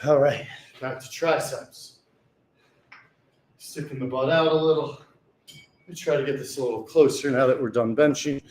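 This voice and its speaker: Between sets at the gym, a man vlogs to the camera, swearing casually and pumping himself up, occasionally out of breath. He has a mid-range, darkish voice with a steady tone and moderate pace, pausing often, in an echoey room with slight background noise.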